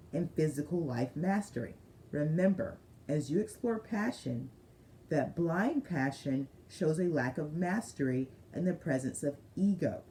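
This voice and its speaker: A woman's voice: low voice, warm tone, a little hiss or hum. A woman giving a casual spiritual crystal card reading, chatty and digressive, reading the card text aloud with emphasis. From United States. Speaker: spiritual reader.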